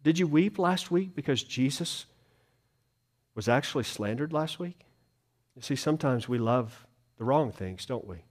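A middle-aged male pastor preaching a sermon earnestly, moving between loud emphasis and hushed grief and asking the congregation questions. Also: mid-range voice, expressive, moderate pace, pauses often. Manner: asks the congregation rhetorical questions.

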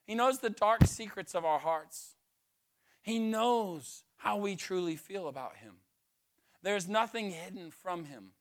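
Man, pastor, sermon, high-pitched, conversational, joking asides, "right?" tags. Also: a bit bright.

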